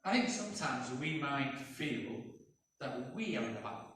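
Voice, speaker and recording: A man's voice: medium pitch, animated, normal speed, fairly bright tone, a little hiss or hum. A man preaching a sermon as pastor, telling a story in a conversational way and acting out voices. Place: church, indoors. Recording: echoey church from a distance.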